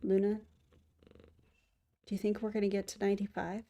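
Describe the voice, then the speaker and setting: A woman's voice: mid-range voice, flat delivery, a little fast, warm tone. Woman host, casual stream chat, mid-range voice, affectionate cooing. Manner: chatty, often coos to her cat.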